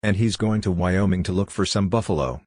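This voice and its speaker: A man's voice: low-pitched, a little fast, a little mellow, no room sound, clean studio sound. A man reading the part of a fat, boisterous cowboy bartender with a blunt, folksy way of talking.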